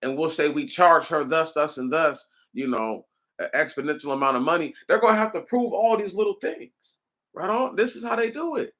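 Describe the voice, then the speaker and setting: Animated, profane man ranting casually. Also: a little high, normal speed. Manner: animated, profane, rambling, addresses listeners as y'all. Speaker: commentator. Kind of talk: casual monologue.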